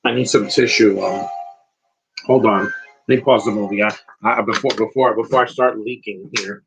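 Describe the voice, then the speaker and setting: A man's voice: fairly low pitch, fairly even intonation, moderate pace, creaky, highs cut off, faint music behind. A man giving a casual, rambling live commentary on a film, emotional and close to tears. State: teary, close to crying. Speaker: movie commentator.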